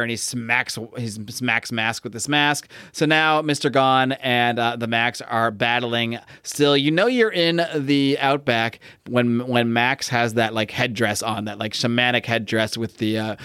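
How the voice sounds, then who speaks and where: A man's voice: medium pitch, steady tone, moderate pace, a bit bright, clear, resonant tone, no room sound, clean studio sound. A young man casually recapping a comic with his co-host, rambling with many fillers and restarts as he reads out lines. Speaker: podcast co-host discussing comics.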